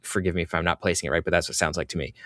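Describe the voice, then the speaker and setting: A man's voice: low voice, steady tone, racing, fairly bright tone, no room sound, clean studio sound. A man co-hosting a podcast, casually recapping with lots of fillers and restarts. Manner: rambling, filler-heavy recaps. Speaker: podcast co-host. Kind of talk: casual chat.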